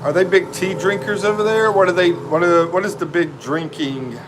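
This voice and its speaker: A middle-aged man with a drawl hosts a relaxed live stream. He chats loosely with viewers and greets them by name, his voice sitting a little higher than most men's. Loud air-conditioner hum and traffic noise run under him. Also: moderate pace. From North Carolina, US. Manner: laid-back, chatty, greets viewers by name. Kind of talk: casual live-stream chat.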